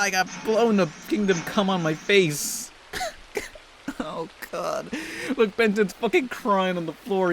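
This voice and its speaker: A man's voice: fairly high pitch, a bit bright, slight background noise. Sarcastic foul-mouthed young man gaming. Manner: crude, sarcastic, swears constantly. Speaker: let's play host. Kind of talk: profane gameplay commentary.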